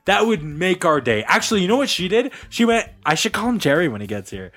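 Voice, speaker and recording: Animated man telling a story. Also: high voice, fast talker. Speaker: podcast co-host. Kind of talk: casual storytelling chat.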